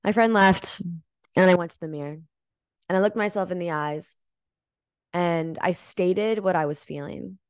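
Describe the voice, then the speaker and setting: A woman hosting a motivational energy-healing podcast, speaking earnestly and emphatically, swearing casually and slowing down to stress key words. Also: fairly low pitch, clear, resonant tone, no echo, studio quality. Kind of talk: motivational coaching monologue.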